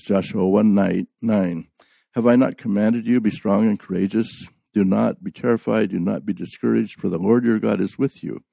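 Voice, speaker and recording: A man delivering a sermon in a slow, deliberate way, stressing key words. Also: low-pitched, dark tone, dry recording. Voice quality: gravelly. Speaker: preacher.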